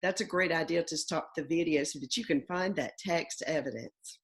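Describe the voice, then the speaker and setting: A woman teacher giving a phonics lesson to young children from home, slow and deliberate, stretching out sounds and words. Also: low voice.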